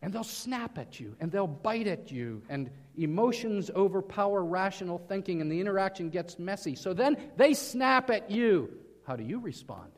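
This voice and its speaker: A man's voice: high voice, animated, moderate pace. A man preaching a sermon in earnest, often putting questions to his listeners. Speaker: pastor. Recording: reverberant hall.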